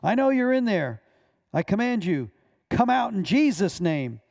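A man doing a loud, commanding preacher. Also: high voice, big pitch swings, a little slow, gravelly, big-room sound, pitched above the performer's own voice, exaggerated voice. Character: forceful male preacher commanding spirits. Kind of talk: reading a story aloud.

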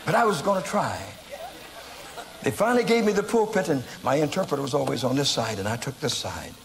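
A man from the United States preaching, telling a story from the pulpit and swinging from quiet asides to loud acted shouts. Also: on the high side, lively intonation, a little fast, creaky, a little hiss or hum, poor audio. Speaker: evangelist preacher. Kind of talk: sermon storytelling.

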